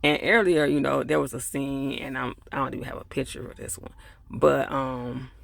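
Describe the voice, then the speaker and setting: A man's voice: mid-range voice, steady tone, normal speed, gravelly, fairly bright tone, no room sound. A man giving a casual, chatty episode recap and review, full of fillers and asides to viewers, acting out characters' lines and getting heated when annoyed. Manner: acts out characters' lines while retelling scenes.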